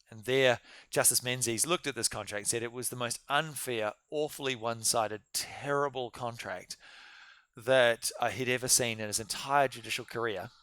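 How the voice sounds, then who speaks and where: A man's voice: mid-range voice, pushed and bright, no room sound. A man giving an informal, live-streamed business law seminar, telling case stories in a chatty way and talking straight to his students. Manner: chatty storytelling, addresses students directly.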